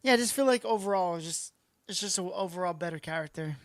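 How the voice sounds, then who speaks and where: A woman's voice: on the low side, fast, no echo. A woman giving casual livestream commentary as she plays a game, chatting and reacting aloud to the match. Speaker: game streamer.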